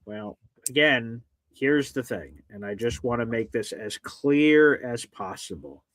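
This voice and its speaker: A man hosting a casual sports podcast, wry and quick with mock-dramatic asides. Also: medium pitch, fairly bright tone, no echo. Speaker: podcast host. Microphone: streamed podcast mic.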